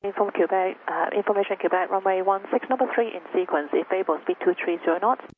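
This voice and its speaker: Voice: medium pitch, fast. An air traffic controller giving terse, routine instructions over the radio. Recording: tinny radio with faint static.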